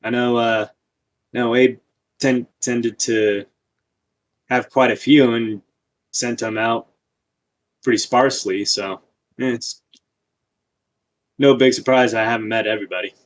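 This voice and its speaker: A man's voice: medium pitch, steady tone, a little slow, pauses often. A man playing a tabletop role-playing game, speaking in character with an easygoing frontier drawl. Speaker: player.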